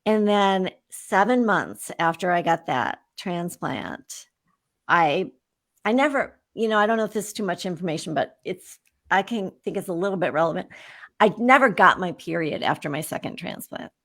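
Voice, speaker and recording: A woman's voice: lowish voice, normal speed. A woman in her fifties, a guest on an interview show, telling her own story candidly and with animation. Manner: animated, candid storyteller who acts out remembered exchanges.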